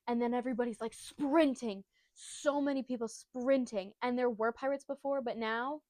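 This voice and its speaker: Brief: chatty woman recapping a story to camera, a little high, dry close sound. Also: steady tone, fairly quick, darkish tone, no room sound. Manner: bubbly, rambling, jokey asides. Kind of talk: casual retelling to camera.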